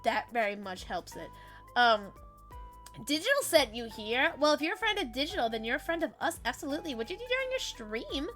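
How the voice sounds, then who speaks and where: A woman's voice: high-pitched, big pitch swings, fairly quick, fairly bright tone, faint music behind. A woman VTuber streamer chatting casually while she plays, bubbly and playful, swearing freely as she greets her chat.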